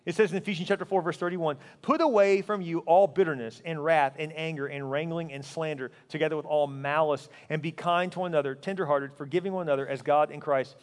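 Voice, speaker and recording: High-voiced preaching man in a reverberant hall. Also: fairly even intonation, fast talker, few pauses. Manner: earnest, emphatic preaching, drops to quiet intensity. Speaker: pastor. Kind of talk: sermon.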